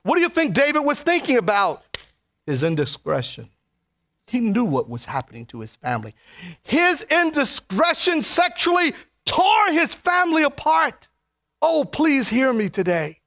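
Slow, high-voiced impassioned preacher man. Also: sing-song. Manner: impassioned and pleading, swinging between loud and soft. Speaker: pastor. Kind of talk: sermon. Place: church before a congregation.

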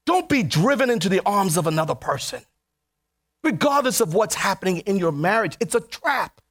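A man preaching a sermon to a congregation, pleading and impassioned, swinging between loud emphatic lines and quiet ones. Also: high voice. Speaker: pastor. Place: church before a congregation.

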